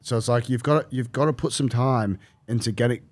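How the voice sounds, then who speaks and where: A man chatting as a podcast guest, rambling and swearing, with lots of restarts and animated storytelling. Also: medium pitch, fairly quick. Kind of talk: casual podcast chat.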